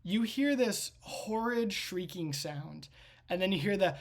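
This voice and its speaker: A woman's voice: on the low side, slow. A woman game master narrating a tabletop game with vivid, rambling storytelling. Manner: vivid storytelling with frequent restarts.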